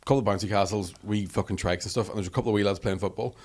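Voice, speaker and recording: A man's voice: lowish voice, rapid-fire. A man, a podcast guest joking and swearing in casual chat. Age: late 30s.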